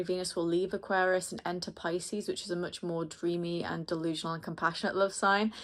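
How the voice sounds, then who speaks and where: A woman astrologer talks viewers through a casual horoscope reading. Her voice sits on the low side, with a gravelly, creaky edge. She rambles in a friendly way, leans on fillers, and laughs at herself as she goes. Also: a bit bright. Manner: chatty, rambling, filler-heavy, addresses viewers directly.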